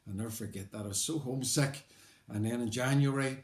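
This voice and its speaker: A man's voice: mid-range voice, fast talker, a little mellow. An older man with a Belfast accent, telling his own life story in a conversational, wry way, rambling a little with fillers. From Belfast, Northern Ireland. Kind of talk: personal life story told aloud. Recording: roomy echo.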